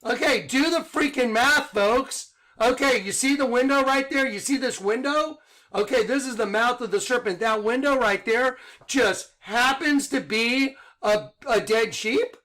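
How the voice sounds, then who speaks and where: A middle-aged man giving an excited religious monologue online, insistent and rhetorical, repeating his points. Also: very high-pitched, a little slow. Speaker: online preacher.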